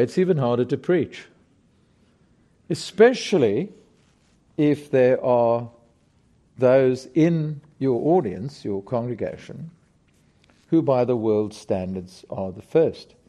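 Slow, mellow-voiced male preacher. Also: mid-range voice, animated. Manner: slow, emphatic, rhetorical questions to the congregation. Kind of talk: sermon.

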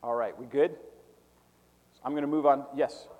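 A man teaching a preaching class, defining terms methodically and repeating them slowly so students can take notes. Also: mid-range voice, fairly even intonation, darkish tone, big-room sound. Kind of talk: classroom lecture.

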